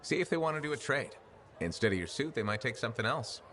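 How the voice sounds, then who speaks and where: An actor playing a deadpan, teasing mercenary hero in video game dialogue. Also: male voice, mid-range voice, fast, a little hiss or hum, natural voice. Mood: dry. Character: dry-witted male mercenary hero.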